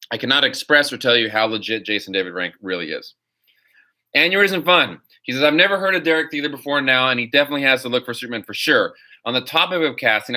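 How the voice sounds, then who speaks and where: Reading out questions from viewers on his live chat stream, a host then launches into ranting replies. He's a man with a forceful, bright voice at a typical middle pitch, and his delivery is rambling and full of opinions.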